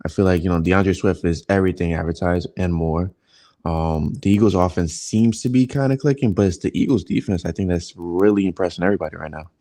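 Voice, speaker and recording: Male podcast host, very low voice, relaxed, laughs easily. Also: fairly quick. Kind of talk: casual sports podcast chat.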